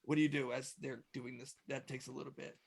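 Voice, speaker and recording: A man narrating a tabletop game as game master, describing scenes in a relaxed way with fillers. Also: medium pitch, fast, gravelly.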